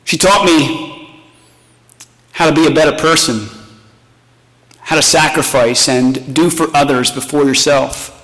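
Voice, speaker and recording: A man's voice: on the high side, unhurried, long pauses, fairly bright tone. A middle-aged man, a pastor, giving a retirement party speech with self-mocking stories and tender thanks. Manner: storytelling, self-mocking humor turning tender. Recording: reverberant hall.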